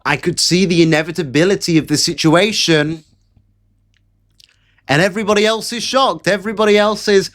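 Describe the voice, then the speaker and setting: A man with a high, fairly bright voice rants at normal speed on a live stream, delivering sarcastic, mocking political commentary. He's recorded on a home camera setup.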